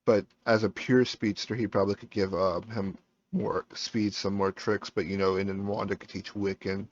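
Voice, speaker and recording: A man giving a casual spoilers review, tired and rambling excitedly with many fillers and restarts. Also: fairly low pitch, normal speed. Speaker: YouTube reviewer. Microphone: home microphone. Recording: dull mic that cuts out.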